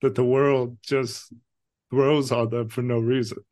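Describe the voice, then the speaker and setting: A man's voice: medium pitch, flat delivery, unhurried, darkish tone. A man co-hosting a casual film discussion, earnest and emotional, swearing casually now and then. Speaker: podcast co-host.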